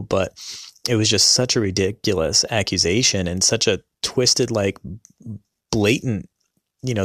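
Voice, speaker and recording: A man's voice: lowish voice, a bit bright, no echo, studio quality. A man in his thirties telling a personal story to his audience, rambling, with many fillers and restarts. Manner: rambling, full of fillers and self-corrections.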